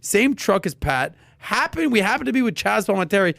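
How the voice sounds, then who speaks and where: A man telling a lively story on a podcast, acting out the people he quotes. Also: high-pitched, fairly quick, gravelly, dry recording, studio quality. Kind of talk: casual podcast chat.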